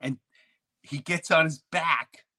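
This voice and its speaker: Male host, bright and tense tone, lively storyteller who acts out quotes. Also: a little high, takes it slowly. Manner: animated, acts out shouted quotes. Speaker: podcast host. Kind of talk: storytelling in casual chat.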